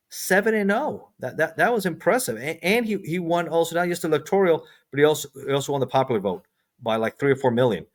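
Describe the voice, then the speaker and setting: Man talking politics with many restarts. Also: mid-range voice. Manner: repeats words, stumbles and restarts. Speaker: guest. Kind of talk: casual political chat.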